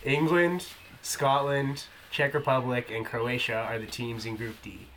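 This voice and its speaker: Man, podcast host, from Canada, casual chat, bright voice, chatty and relaxed. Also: medium pitch, unhurried, slight background noise, rough recording. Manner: relaxed, chatty, leads the discussion.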